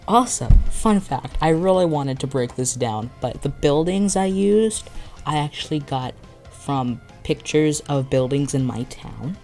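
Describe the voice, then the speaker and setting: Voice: mid-range voice, expressive, unhurried, darkish tone, soft background music. A video creator chatting casually about their own videos, rambling and giddy with frequent restarts and laughs, while having a headache. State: has a headache. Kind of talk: casual vlog commentary.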